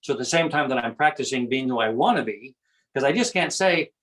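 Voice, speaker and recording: Guy guesting on a talk, mid pitch, earnest teacher vibe, repeats himself a lot. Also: lively intonation, a little fast, fairly bright tone, low-quality recording. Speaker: guest speaker on self-awareness. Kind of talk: conversational explaining.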